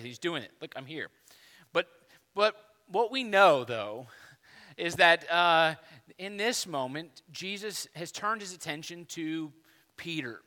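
A man pastor delivering a conversational sermon, often checking in with the congregation with quick asides. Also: on the high side, bright, forceful tone, in a large hall. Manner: conversational preaching with frequent "right?" asides. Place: church sanctuary.

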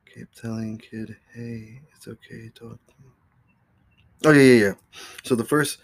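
A man hosting his own podcast, telling a story in a rambling, profane, casual way. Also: fairly low pitch. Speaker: podcast host.

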